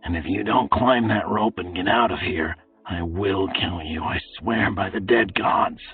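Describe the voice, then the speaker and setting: A gruff, brutal slave overseer, as a male narrator puts him on, speaks in a low, hushed, menacing whisper. The voice is deep and husky. It sounds tinny and far off, with faint music behind. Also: measured pace, full character voice. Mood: hushed urgent.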